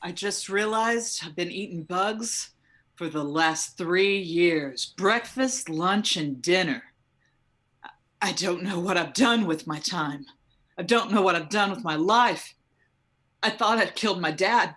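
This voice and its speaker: A woman's voice: on the low side, moderate pace, fairly bright tone, close to an everyday voice. A woman doing an anxious young lion prince. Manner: hesitant, rising to panicky questions. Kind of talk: improv comedy monologue. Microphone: video call.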